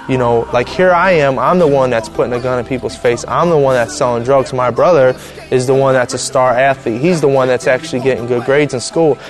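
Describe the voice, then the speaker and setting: A young man telling his personal testimony in an earnest, halting way, with frequent restarts and fillers. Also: medium pitch. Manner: earnest, halting, emotional storytelling.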